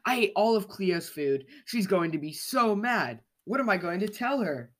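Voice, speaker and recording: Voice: mid-range voice, big pitch swings, moderate pace, a bit bright, voice pushed up. A storyteller voicing a nervous, guilty male dog in a children's storybook, in a worried, pleading way. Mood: anxious.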